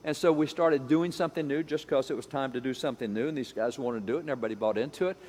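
A man's voice: mid-range voice, very fast, darkish tone. A man giving an emphatic lecture-style talk, repeating phrases and acting out the voices he quotes. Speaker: speaker on education history. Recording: long hall reverb.

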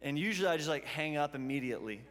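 Male pastor, slightly high voice, casual storytelling sermon, church hall reverb. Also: expressive, racing, fairly bright tone. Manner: conversational storytelling preaching.

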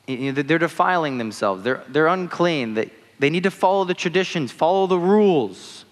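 A young adult man gives a chatty, casual sermon at a brisk pace, his slightly high, fairly bright voice full of lively intonation. He leans heavily on "like" and "you know," and the hall adds long reverb.

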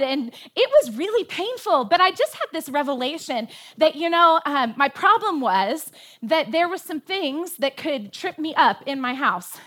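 A woman's voice: high-pitched, sharp tone. A woman pastor delivering a sermon from a church stage, telling a story with animation and stressing her points with emphasis.

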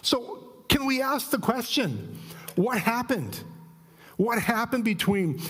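A middle-aged man preaching a sermon in church, emphatic and animated, often asking the congregation questions. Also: very high voice, slow, husky.

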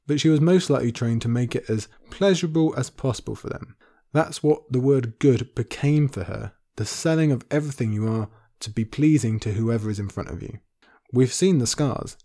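A man's voice: medium pitch, warm tone. A man hosting a podcast and discussing a book, earnest and impassioned, close to tears. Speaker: podcast host.

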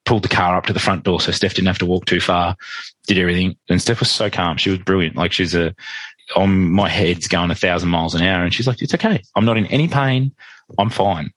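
Aussie bloke, low husky voice, chatty quick storyteller, dry close mic. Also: male voice, no room sound, poor audio. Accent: Australian. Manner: animated, quick, acts out quoted dialogue. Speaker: podcast guest. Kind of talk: conversational storytelling.

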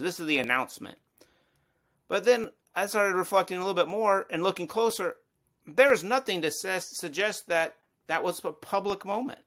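A man's voice: on the high side, fairly bright tone. A man taking part in a Bible study discussion, thinking aloud with frequent restarts and hedges as he works through his view. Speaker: study participant.

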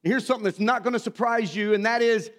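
A man's voice: sits high, fast talker. A man, preaching a sermon in a folksy, self-mocking storytelling manner. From Missouri. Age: 50s. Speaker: pastor.

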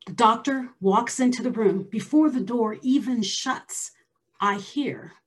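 A woman in her forties telling her own story in an emphatic way, sometimes dropping to a hushed near-whisper for stress. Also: a little high, measured pace, slightly rough. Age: 40s. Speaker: storyteller sharing a personal health story. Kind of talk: personal storytelling.

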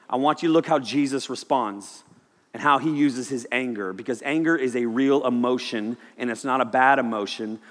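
In a church auditorium with long hall reverb, a male pastor preaches a sermon in a mid-range, slightly bright voice. He jokes and acts out the people he quotes.

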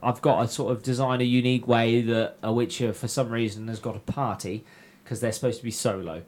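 A man in the game master's seat, talking through his plans in a loose, rambling podcast style. He stops and restarts, filling gaps with ums, at an ordinary middle pitch. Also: fairly even intonation, brisk, darkish tone. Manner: rambling, many fillers and restarts. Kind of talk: casual podcast chat.

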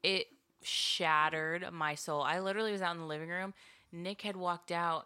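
Woman cohost, bright voice, emphatic and chatty about a book. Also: on the low side, normal speed, smooth. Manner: emphatic, animated storytelling. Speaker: podcast co-host. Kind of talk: casual book-club chat.

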